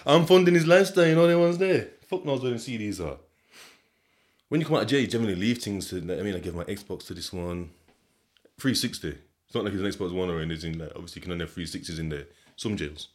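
A young man whose voice is on the low side and darkish in tone runs a casual solo podcast. He chats in a rambling way, using slang and swearing, and frequently breaks into laughter.

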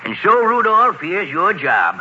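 Hearty Santa, bright and animated, faint hiss of an old radio broadcast. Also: male voice, high-pitched, dull audio, full character voice. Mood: kindly. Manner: hearty, chuckling, brisk on the phone. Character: jolly busy old Santa Claus, kindly. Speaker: Santa Claus. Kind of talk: 1950s children's radio drama.

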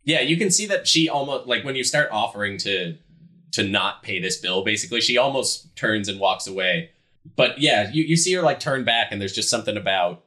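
A man narrating as game master of a tabletop role-playing game, easygoing and relaxed. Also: lowish voice.

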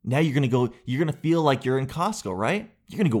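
Male solo podcast host, rambling comic riffs, mid-range pitch. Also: expressive, fast talker, a little mellow. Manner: rambling, jokey, riffing with crude asides. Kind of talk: solo comedic podcast chat.

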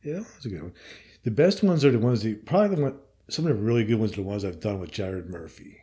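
A man's voice: lowish voice, expressive, quick pace, warm tone. A man hosting a podcast in casual chat, offhand and jokingly boastful. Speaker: podcast host.

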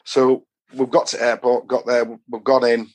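A man's voice: mid-range voice, completely flat delivery, normal speed. A middle-aged man with a Yorkshire accent, rambling through travel anecdotes in a casual podcast chat. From Doncaster, England. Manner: rambling anecdotes with dialect phrasing. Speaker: podcast guest.

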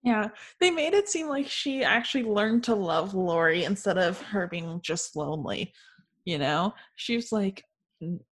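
A young woman co-hosting a casual chat, animated and joking, often laughing. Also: medium pitch, a little slow.

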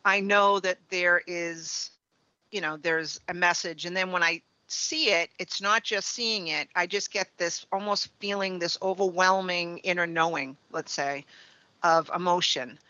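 A middle-aged woman, a trance medium, telling stories in a relaxed interview and often tagging her sentences with "right?" and "you know". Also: lowish voice, measured pace, no room sound, dull audio. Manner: chatty, leans on "right?" and "you know" tags. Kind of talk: conversational interview storytelling.

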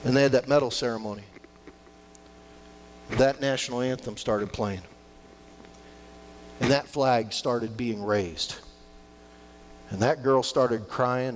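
A male pastor preaching a sermon, emphatic, swinging between loud outbursts and hushed lines. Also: mid-range voice, slow pace, long pauses, slight background noise. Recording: long church hall reverb.

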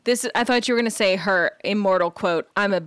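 A woman podcast co-host talking through a show recap in relaxed, casual chat. Her delivery is animated and sarcastic, peppered with "like". Her voice sits in a middle register, recorded close and dry with no room sound. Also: mid-range voice, fairly quick, clean tone, no room sound.

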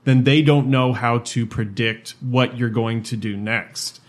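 A man's voice: mid-range voice, fairly even intonation, a little slow. A man co-hosting a podcast, explaining a point in an easygoing, casual way. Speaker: podcast co-host.

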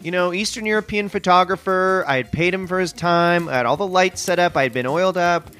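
A man's voice: sits high, brisk, smooth. A man co-hosting a comedy podcast, reacting earnestly and telling a sincere, rambling story. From Canada. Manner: earnest, easily impressed, lively reactions. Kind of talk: improvised comedy chat.

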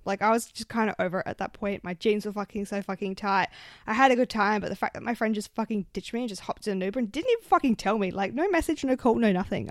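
Speaking fast into a handheld microphone, a vlogger in her 20s chats through casual stories, cursing a lot and padding her speech with fillers like "like." Her voice runs on the high side and is expressive, with studio-quality sound and no room noise.

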